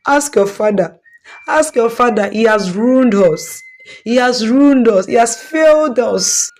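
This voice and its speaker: A woman voicing a distraught, wealthy, middle-aged wife who wails and cries out in a shrill lament. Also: measured pace, lightly acted. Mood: accusing.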